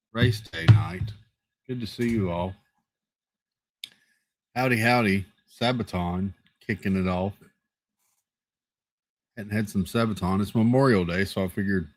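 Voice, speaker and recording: A man's voice: on the low side, fairly bright tone, no room sound. A man hosting a live stream, chatting casually and greeting viewers one by one in a rambling, playful way while nursing a headache. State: has a headache.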